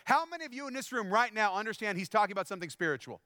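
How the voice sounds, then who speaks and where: A man's voice: high-pitched, lively intonation, rapid-fire, few pauses, sharp tone, no room sound, clean studio sound. A man preaching a sermon in a conversational way, often asking the congregation questions. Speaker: pastor.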